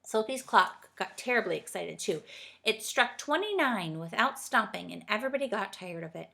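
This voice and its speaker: A woman's voice: mid-range voice, expressive, moderate pace, vocal fry, bright, forceful tone. Woman reading a children's storybook. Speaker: reader.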